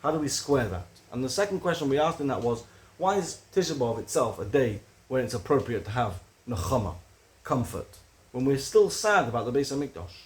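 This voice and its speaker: A man giving a recorded religious lecture, earnest and building to animated emphasis on key points. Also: medium pitch, a little fast. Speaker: Torah teacher.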